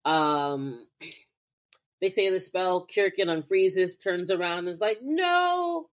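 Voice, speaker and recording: Woman podcast cohost, slow easy pace, does big voices for the characters. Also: fairly low pitch. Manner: animated, acts out characters' lines in a heightened voice. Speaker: podcast co-host. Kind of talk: casual recap chat.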